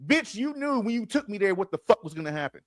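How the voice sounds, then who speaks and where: A man hosting a podcast, telling stories in casual chat, profane and animated, acting out what people said. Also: high voice, quick pace, no room sound, clean studio sound. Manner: profane, animated, acts out quotes. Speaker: podcast host. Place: studio.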